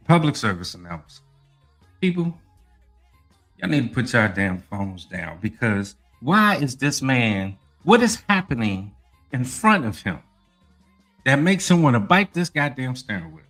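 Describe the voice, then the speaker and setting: A podcast host with a slightly high, fairly bright voice rants animatedly about sports, with faint music in the background. His casual talk is full of profanity, and he often says "you know what I mean."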